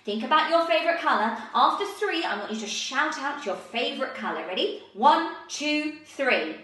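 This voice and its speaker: Animated woman teaching young kids. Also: high-pitched, moderate pace. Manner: animated and encouraging, with exaggerated teacher cues. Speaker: children's drama teacher. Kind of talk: lively lesson for young children. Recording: echoey room from far off.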